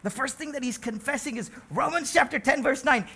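Male preacher, high bright voice, emphatic sermon delivery with swings from quiet to loud, questions thrown to the congregation. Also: brisk, hardly any pauses, breathy edge. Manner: emphatic, rising to near-shouts on key phrases, asks the congregation questions.

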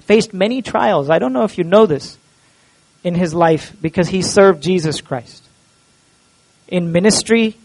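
A man with a high-pitched voice preaches in church as the pastor. He talks earnestly and keeps putting questions to his listeners. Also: a little mellow, low-quality recording. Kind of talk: sermon.

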